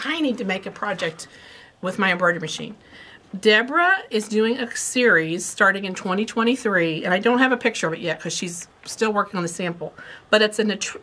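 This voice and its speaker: A woman's voice: mid-range voice, fairly bright tone. A woman hosting a quilt shop video, chatting casually about fabric and kits with a rambling, playful manner. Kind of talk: casual product chat.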